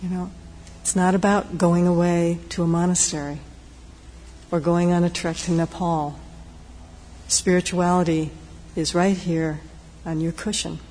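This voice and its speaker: A woman meditation teacher giving a dharma talk in a gentle, reflective, unhurried way, with pauses. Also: lowish voice, level tone. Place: meditation hall. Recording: long hall reverb, faint noise.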